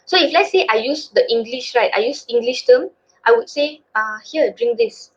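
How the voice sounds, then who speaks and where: A woman's voice: on the high side, animated, moderate pace, breathy edge. A young woman from Malaysia with a Malaysian accent gives a casual student webinar presentation, full of fillers. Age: young adult. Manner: chatty, filler-heavy, casual. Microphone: video call. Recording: dull lo-fi call audio.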